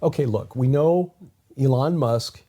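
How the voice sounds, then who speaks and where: A man's voice: mid-range voice, measured pace, warm tone. A man co-hosting a talk podcast in a casual, rambling way, often restarting his sentences. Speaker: podcast co-host. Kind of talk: casual conversational commentary.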